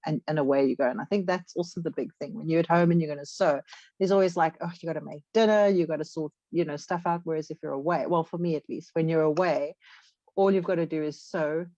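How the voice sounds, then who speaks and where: Low, mellow woman chatting. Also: quick pace, no room sound, highs cut off. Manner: rambling, full of fillers. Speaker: podcast co-host. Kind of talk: casual chat.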